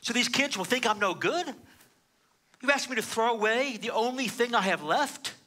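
In a full character voice pitched well above his own, a man plays a defiant tough-guy gangster facing execution, brash and incredulous. The voice is very high, pushed and bright, with lively intonation and a moderate pace.

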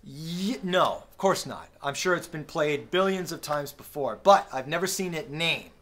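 A man teaching drums in a relaxed, friendly way, explaining patterns with small fillers and sung drum sounds, recorded on a camera mic in a practice room with a drum kit. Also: a little high, moderate pace. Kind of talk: casual instructional talk. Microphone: camera-mounted recorder.

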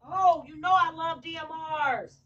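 A woman hosting a livestream, chatting casually and cheering on her teammate with excited, slangy play-by-play. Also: extremely high pitch, measured pace, dull audio. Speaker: livestream gamer host. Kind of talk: casual gaming chat.

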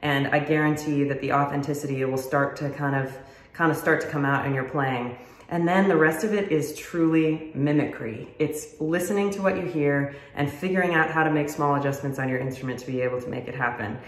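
A woman's voice: low voice, fairly even intonation, brisk. Friendly woman teaching fiddle in a roomy space. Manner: friendly, explanatory, self-deprecating. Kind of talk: casual instructional talk to camera. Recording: roomy echo.

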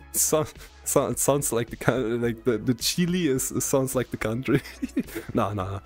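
A man's voice: mid-range voice, unhurried, soft background music. A man with a German accent, a streamer chatting casually and teasingly with his viewers, stammering and restarting often, his voice a little worn. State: strained voice. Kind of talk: casual live-stream chat.

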